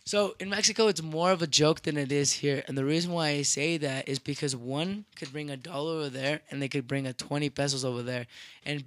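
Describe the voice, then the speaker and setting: Young guy on a podcast, kinda high voice, rambling and cursing a lot, tosses in spanish bits, super dry close mic. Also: fairly even intonation, fairly quick, dry recording. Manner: rambling, profane, with frequent restarts; slips into Spanish phrases. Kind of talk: casual storytelling.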